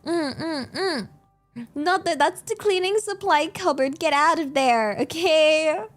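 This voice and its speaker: Giggly high-voiced woman. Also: takes it slowly, faint music behind. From England. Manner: giggly, animated, exclamatory. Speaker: streamer. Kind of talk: casual chat.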